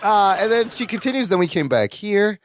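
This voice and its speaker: Guy with a really high voice, chatty co-host recapping a tv episode, laughs a lot. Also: sing-song, brisk, no echo, clean studio sound. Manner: playful, laughs often while retelling scenes. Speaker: podcast co-host. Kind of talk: casual chat recapping a sitcom episode.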